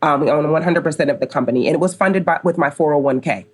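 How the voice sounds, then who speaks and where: A middle-aged American woman, co-founder of a company, tells a long story as a guest in a casual podcast interview. Her voice is low-pitched, quick, and slightly rough, and she's an animated storyteller who acts out the quoted dialogue.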